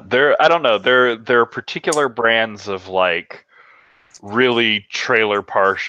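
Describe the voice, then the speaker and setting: A man chats casually, laughing easily and hedging what he says. His voice is fairly low and bright. It comes through a dull, lo-fi mic with no room echo. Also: clean tone. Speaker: podcast co-host. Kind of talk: casual chat. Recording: dry, muffled lo-fi mic.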